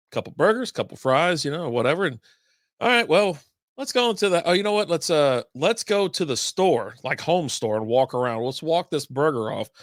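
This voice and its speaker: A man with a fairly high voice hosts a casual beer podcast, rambling through long stories packed with asides and fillers. The recording is clean studio sound with no echo.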